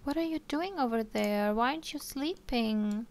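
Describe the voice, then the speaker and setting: A woman's voice: on the high side, lively intonation, normal speed, background noise. A young woman casually commenting on her life-simulation game, chatting to her characters with frequent ums and little laughs. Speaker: let's play streamer.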